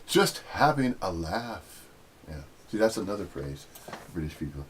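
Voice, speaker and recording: A middle-aged American man giving a rambling, teasing spiritual talk, jumping up into sudden high-pitched emphasis. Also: big pitch swings, a little slow, long pauses, slight background noise. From United States. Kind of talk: casual spiritual monologue.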